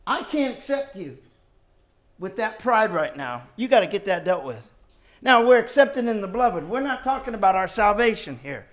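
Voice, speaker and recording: A man with a high, lively voice delivers a sermon. He presses his points with rhetorical questions and shifts between forceful emphasis and hushed, low asides. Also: normal speed. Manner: emphatic, rhetorical questions, swings from loud to quiet. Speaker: preacher.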